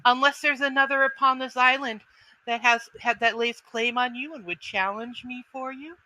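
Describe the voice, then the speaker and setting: A woman voicing a tall, imperious elvish woman who keeps slaves, speaking softly and possessively in a tabletop role-play. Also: sits high, fairly even intonation, normal speed, dry recording, voice pushed up, low-quality recording.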